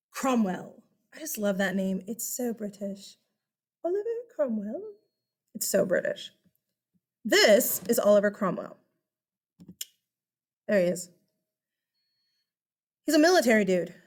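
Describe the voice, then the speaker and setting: A woman teaching a history lesson in a casual, chatty way, asking rhetorical questions and calling her listeners guys. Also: on the high side. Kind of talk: casual classroom lecture.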